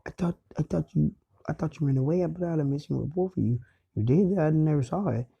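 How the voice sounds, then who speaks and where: A worried mother in middle age, as a young man puts her on, talking in a halting way with restarts. The voice is gravelly and sits higher than his own. The recording sounds dull and lo-fi. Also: mellow. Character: worried mother, middle-aged woman, fussing.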